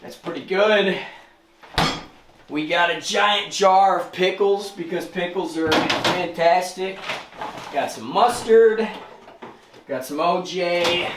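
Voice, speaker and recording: A man casually vlogging his day at home, laid-back and self-mocking, swearing now and then. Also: fairly high pitch. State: out of breath. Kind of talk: casual vlog talk to camera. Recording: echoey room with faint noise.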